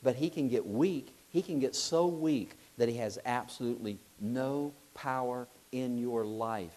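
Lively man preaching a sermon. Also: medium pitch, unhurried. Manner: lively storytelling, acting out voices, asks the audience questions.

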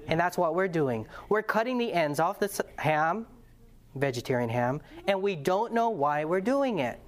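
A man's voice: high voice, animated, moderate pace. A man preaching a lesson to a congregation, passionate and earnest, telling stories and putting questions to the audience. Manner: conversational storytelling with restarts. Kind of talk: sermon-style lesson to a congregation.

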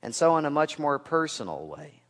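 A male pastor delivering a sermon, with rhetorical questions and dry asides, swinging from loud to hushed. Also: fairly high pitch, very animated, normal speed. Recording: long reverb of a large hall.

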